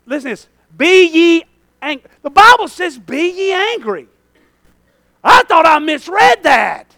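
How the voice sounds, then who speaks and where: A male pastor, preaching a sermon, swinging between loud shouting and low asides to the congregation. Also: very animated, normal speed, no echo.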